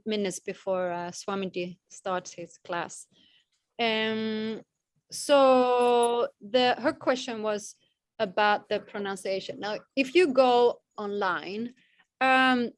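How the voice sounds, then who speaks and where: Slow hesitant woman leading an online class. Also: a little high, dry recording. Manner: hesitant, many fillers and restarts. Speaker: class organizer. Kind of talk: casual online class talk.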